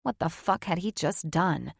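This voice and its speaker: A woman's voice: on the low side, expressive, unhurried, vocal fry, slightly rough, dry recording. Woman narrating a fantasy audiobook, dry. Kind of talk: scripted narration.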